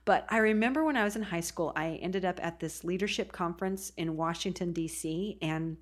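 A woman's voice: lowish voice, a little fast. A woman podcast host from the Oregon coast, talking casually and chattily, laughing often. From Oregon coast, USA. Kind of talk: casual solo podcast talk.

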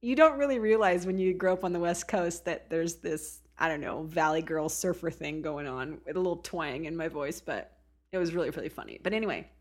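A woman's voice: on the low side, brisk. A woman podcast host from the Oregon coast, talking casually and chattily, laughing often. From Oregon coast, USA. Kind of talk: casual solo podcast talk.

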